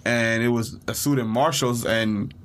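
A young man from the Bahamas, co-hosting a podcast, telling a story in a casual, animated way, acting out the panicked quotes. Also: medium pitch, measured pace. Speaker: podcast co-host.

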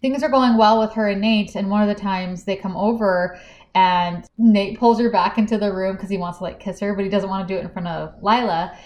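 A woman's voice: mid-range voice, fairly even intonation, a little fast, darkish tone, muffled recording. A woman co-hosting a book podcast, chatting casually as she retells the story and acts out the characters' lines. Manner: chatty retelling with acted-out quotes. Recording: echoey room.

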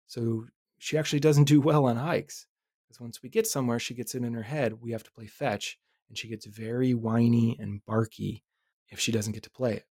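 A man in his thirties hosting a podcast, telling a personal story in a reflective, animated way with casual swearing. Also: medium pitch, moderate pace, dry recording, studio quality. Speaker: podcast host.

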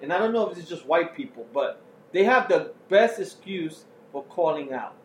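A man's voice: fairly high pitch, expressive, normal speed, reverberant, slight background noise. A man chatting casually over beer on a podcast, telling loose stories with plenty of swearing. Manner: loose storytelling with profanity. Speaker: podcast co-host.

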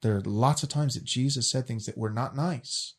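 A man's voice: mid-range voice, normal speed. A man casually explaining a faith question as a teacher, earnest and often repeating words as he restarts.

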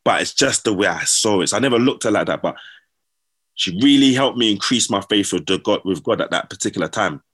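A man's voice: fairly low pitch, fast talker, slightly rough. A man telling stories in casual slang, acting out what people said. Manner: slangy, animated, acts out quotes. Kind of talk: casual storytelling.

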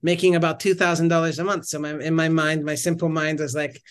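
A man in his thirties talks casually as a podcast guest, his voice pitched a little higher than most men's. He rambles through his stories, stops partway and restarts his sentences as he goes. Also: level tone, fast, clean tone. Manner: rambling, self-correcting storyteller with frequent restarts. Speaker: missionary guest. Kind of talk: casual storytelling interview.

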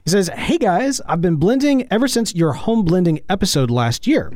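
A man's voice: high-pitched, sing-song, moderate pace, a little mellow, dry recording, clean studio sound. A man co-hosting a podcast in easy casual chat, upbeat, laughing easily and stammering a little. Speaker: podcast co-host.

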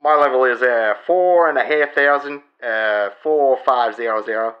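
Man doing a halting Australian pilot. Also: mid-range voice, dull audio, natural voice. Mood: uneasy. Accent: put-on Australian. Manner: hesitant, halting radio reports. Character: young male pilot reporting a strange aircraft. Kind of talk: comedic dramatic reading.

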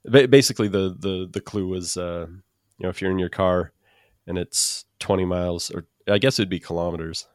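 A man's voice: sits low, steady tone, moderate pace, no echo, studio quality. A man co-hosting a podcast in casual chat, with many restarts and fillers. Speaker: podcast co-host.

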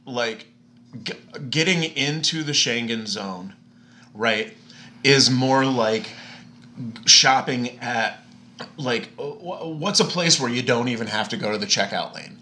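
A man's voice: medium pitch, takes it slowly, pushed and bright. A man in his late thirties telling a travel story in a casual podcast chat, swearing and ranting with exasperation. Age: 30s. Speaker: podcast guest.

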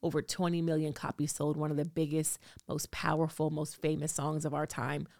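A woman in her thirties hosting a podcast, telling a story in an animated, breathless way. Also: deep voice, fairly quick, vocal fry, no echo, studio quality. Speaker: podcast host.

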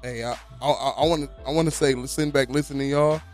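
A man's voice: fairly high pitch, fairly even intonation, fast, darkish tone, faint music behind. A man from Los Angeles, hosting a podcast studio, talking in a loose, rambling way and often checking in with "you know what I'm saying". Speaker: studio host. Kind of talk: casual podcast chat.

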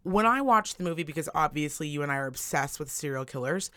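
Young woman on a podcast, swears a lot, animated storytelling, lowish voice, dry close sound. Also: fast, no room sound. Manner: blunt, profane, animated storytelling. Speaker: podcast co-host. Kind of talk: casual chat.

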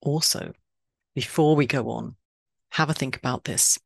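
A woman from Switzerland hosting a poetry podcast in scripted narration, stressing key words with sudden high leaps. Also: a little slow, vocal fry, breathy edge, no echo.

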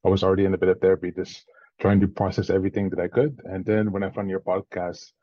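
Low-voiced man, slight French-tinged accent. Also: fast, no echo, lo-fi sound. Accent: slightly French-tinged mix. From Central Virginia, USA. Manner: laughs often, relaxed, swears casually. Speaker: podcast guest. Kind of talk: casual interview chat.

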